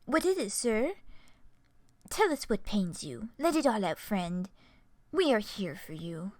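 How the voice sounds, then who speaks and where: A woman voicing a gentle female cherub who comforts someone in a soft, half-whispered way while reading a web comic aloud on stream. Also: medium pitch, big pitch swings, a little slow, no echo. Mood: soothing. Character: gentle, soothing female cherub, kindly consoler.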